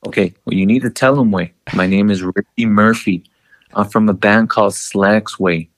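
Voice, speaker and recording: A man's voice: a little fast, no echo, natural voice. A man doing a slangy street-tough bandleader. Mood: eager. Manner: slangy, tacks "way" onto nearly every phrase; pushy, eager salesman pitch. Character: brash young male street tough bandleader.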